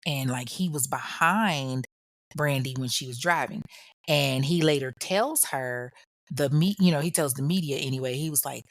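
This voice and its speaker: A woman with a notably low voice hosts a true crime podcast, recounting events in a casual, slangy way. She talks straight to the listener as if chatting with a friend. Her voice sits close and dry on the mic, with no room sound. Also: normal speed, dry recording. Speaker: podcast host.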